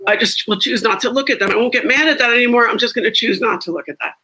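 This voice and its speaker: A woman from the United States talks in a loose group conversation over a video call. She thinks out loud, breaks off and restarts her sentences, and her voice is bright. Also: a little high, very fast, breathy edge, poor audio. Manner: reflective, many restarts. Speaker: guest.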